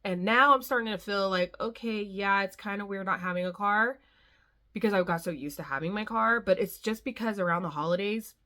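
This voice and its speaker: A woman's voice: mid-range voice, brisk, sharp tone. A young woman vlogging to the camera, rambling frankly about her day in a slightly weary, casual way. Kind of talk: casual chat.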